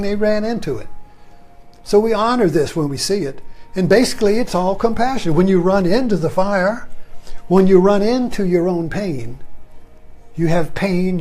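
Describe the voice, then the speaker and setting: A man giving a rambling, meditative spiritual talk, often trailing off into a soft, low "you see.". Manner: repeats "you see" softly, drops low at phrase ends; rambling, conversational, with chuckles. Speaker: spiritual teacher.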